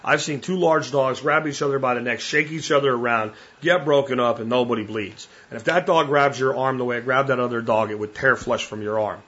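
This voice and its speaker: A man's voice: medium pitch, a little fast, hardly any pauses, a bit bright, lo-fi sound. A man hosting a solo podcast, speaking in a blunt, plainspoken way and repeating his key points for emphasis. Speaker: podcast host.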